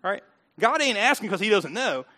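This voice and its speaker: A man preaching a sermon in a folksy, emphatic way, swinging between quiet asides and loud bursts, with short chuckles. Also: sits high, very animated, brisk. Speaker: pastor.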